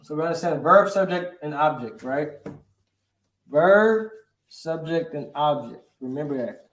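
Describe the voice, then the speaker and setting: A man's voice: fairly high pitch, lively intonation, roomy sound. A man giving an informal Bible language lesson, checking in with "right?" and stopping to look up words as he goes. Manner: casual, repeats "right?" often, pauses to look things up. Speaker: teacher.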